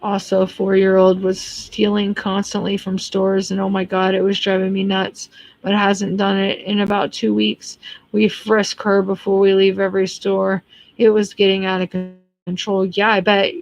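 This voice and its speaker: A woman in her thirties with an American accent, chatting on a livestream in a blunt, talkative way. Her voice sits at a middling pitch, and the sound is dry and close. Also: monotone, moderate pace, gravelly, dry recording. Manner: blunt, chatty, swears freely. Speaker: livestream host reading chat. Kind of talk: casual chat.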